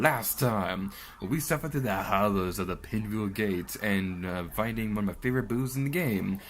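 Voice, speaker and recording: A man's voice: lowish voice, normal speed, soft background music. A young man from Florida hosting a let's play, rambling through game commentary and yelping and laughing at the action.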